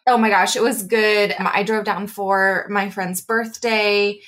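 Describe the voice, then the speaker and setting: A woman co-hosting a podcast in casual chat, talky and quick to react with laughs. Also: medium pitch, fairly even intonation, a bit bright. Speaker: podcast co-host.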